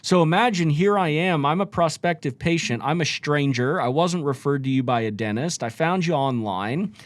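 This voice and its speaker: A man's voice: fairly high pitch, lively intonation, moderate pace, dry recording. A man co-hosting a podcast, chatting casually about sales and often shifting his tone up and down to make a point. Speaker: podcast co-host. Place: studio.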